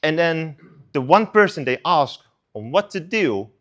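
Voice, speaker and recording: Young man, student-service preacher, casual sermon, animated, chatty storytelling. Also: a little high, unhurried. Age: young adult. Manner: animated, conversational, lots of "like".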